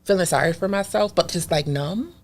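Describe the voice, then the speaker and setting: A woman's voice: on the low side, fairly quick. A woman talking as a podcast guest, telling her story in a casual and emphatic way.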